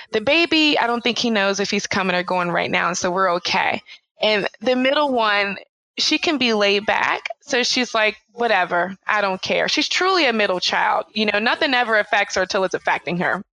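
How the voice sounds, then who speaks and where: A woman's voice: mid-range voice, sharp tone, no echo, low-quality recording. A woman in her thirties, a mother of three, chatting in an interview and acting out the voices of her family as she tells stories. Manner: chatty storyteller, acts out quoted voices with laughs. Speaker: podcast guest, mother of three. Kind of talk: casual interview chat.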